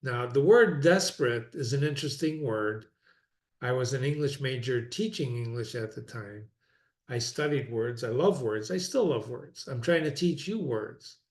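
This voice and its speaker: A man of ordinary, middle-range pitch reads a classic text aloud and stops often to reflect on it in a conversational way. He slows down deliberately over the quoted passages and repeats key phrases to stress them. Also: expressive. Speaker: reader and teacher of classic philosophy. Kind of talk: reading aloud with personal commentary.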